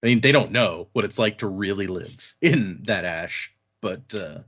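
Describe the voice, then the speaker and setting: A man's voice: deep voice, moderate pace, husky. Guy on a podcast going over chapters, chatty, laughs a lot, does little voices for quotes, kinda dull lo-fi audio. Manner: animated, laughs often, slips into character voices for quotes. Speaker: podcast host recapping a book. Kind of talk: casual chat, recapping chapters with voiced quotes. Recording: dull lo-fi sound.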